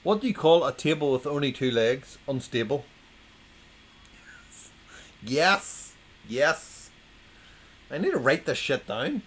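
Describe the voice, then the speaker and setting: Slow, wry man reading dad jokes. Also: a little high, big pitch swings, slight background noise, rough recording. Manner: wry, plays to a quiet chat, repeats punchlines. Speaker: livestream host. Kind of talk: casual livestream, reading jokes to chat.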